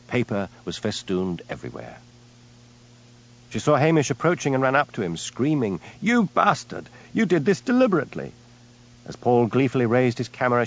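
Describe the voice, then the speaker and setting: A man narrating an audiobook in a lively, dramatic storytelling manner, on a dull lo-fi recording. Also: mid-range voice. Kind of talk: scripted narration.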